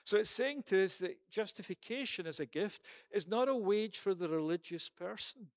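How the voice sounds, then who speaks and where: A man's voice: sits high, expressive, moderate pace, no room sound, studio quality. A man preaching a sermon and then leading a prayer, emphatic, with rhetorical questions and repeated phrases.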